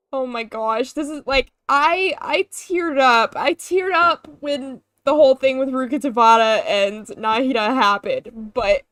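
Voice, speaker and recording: A woman's voice: high-pitched, slow pace, fairly bright tone, no echo. A young woman streaming a video game, who reacts emotionally, laughing and tearing up as she plays. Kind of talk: live gameplay reaction stream.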